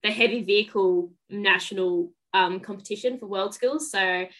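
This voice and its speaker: Casting: young woman, bright and chatty, laughs a lot, video-call interview guest. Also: medium pitch, fairly even intonation, moderate pace, rough recording. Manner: bubbly, laughs often, chatty.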